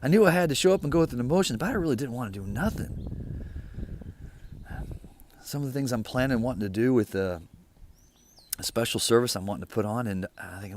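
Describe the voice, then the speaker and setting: A middle-aged man giving an informal sermon, telling a story in a lively, conversational way. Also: mid-range voice, fairly quick, pauses often. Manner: storytelling, lively and conversational, drops to a hush for quoted dialogue. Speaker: preacher.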